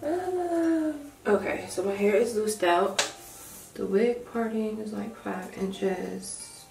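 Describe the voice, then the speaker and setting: A young woman vlogging a hair tutorial at home in a casual chat, thinking out loud and rambling, with her morning voice still on. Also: medium pitch, takes it slowly, vocal fry, distant mic. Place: room at home. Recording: echoey room, off-mic, faint music.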